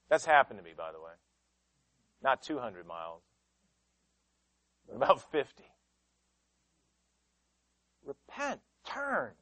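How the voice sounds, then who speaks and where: A man preaching a sermon with passion, swinging between loud emphatic lines and hushed ones. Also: sits high, no echo, low-quality recording. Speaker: pastor.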